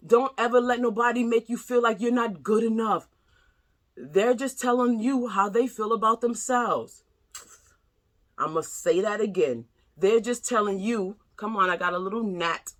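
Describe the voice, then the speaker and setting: A woman's voice: medium pitch, moderate pace. A middle-aged woman giving a tarot reading to her viewers in a chatty, sassy, direct way. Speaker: tarot reader. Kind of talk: casual tarot reading monologue.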